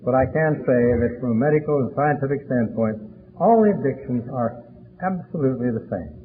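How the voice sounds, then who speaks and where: Elderly male speaker, storyteller, old lo-fi phone-band recording, faint hiss. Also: mid-range voice. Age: 80s. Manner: storytelling, chatty and deliberate with frequent fillers. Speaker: speaker sharing his story. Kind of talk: recovery meeting talk.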